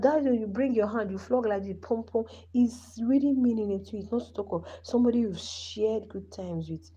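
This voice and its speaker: A woman's voice: mid-range voice, warm tone, muffled recording. A woman in her thirties with a Nigerian accent, hosting a live stream and giving passionate, pleading commentary. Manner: impassioned, pleading.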